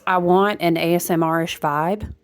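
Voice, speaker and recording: A woman's voice: lowish voice, steady tone, measured pace, clear, resonant tone. A woman giving a casual spiritual oracle card reading, chatty and full of fillers, addressing her viewers directly.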